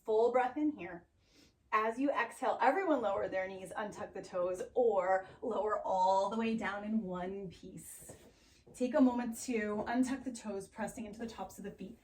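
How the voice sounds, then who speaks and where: A woman teaching a yoga class, giving calm, steady breath cues with playful sounds. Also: mid-range voice, moderate pace. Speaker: yoga instructor. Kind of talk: guided yoga class cueing. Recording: roomy echo, voice from a distance off the mic.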